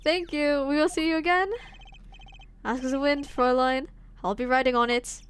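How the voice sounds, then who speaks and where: A woman's voice: high voice, steady tone, moderate pace, smooth, close to an everyday voice. Klavier Gavin, read by a woman as a suave flirt. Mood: charming. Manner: suave, charming, attempts a German accent.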